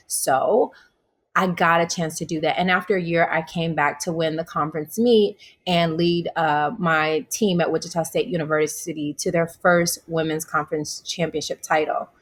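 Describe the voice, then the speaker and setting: A woman from Tennessee with a Southern accent, a guest telling her life story in an interview, acting out what people said with laughs. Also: on the low side. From Humboldt, Tennessee, US. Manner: animated, acts out quotes with laughter.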